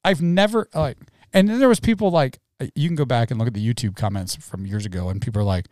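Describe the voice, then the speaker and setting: Male co-host, mellow warm tone, dry close sound, playful banter. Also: dry recording. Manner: jokey and animated, quick pitch jumps. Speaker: podcast co-host, church staff. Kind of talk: casual chat.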